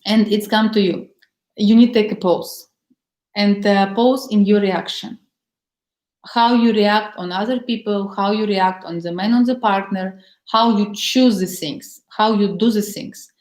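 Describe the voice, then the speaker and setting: A woman's voice: medium pitch, fairly even intonation, unhurried, a little mellow. Female relationship coach, non-native English with plain grammar, earnest storyteller, roomy echoey recording. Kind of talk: coaching session with guided exercise. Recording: roomy echo.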